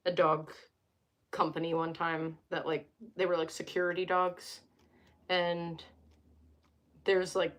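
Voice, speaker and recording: Slow-talking young woman chatting on a live stream. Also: fairly low pitch, a bit bright. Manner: chatty, joking, wandering asides while reading cards. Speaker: host of a live stream tarot reading. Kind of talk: casual live-stream chat. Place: at home.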